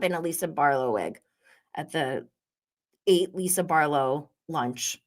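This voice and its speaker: A woman's voice: fairly low pitch, very animated, slow pace, pauses often. A young woman hosting a live show, chatting and giggling as she recaps reality TV and reads viewer comments aloud. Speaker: host.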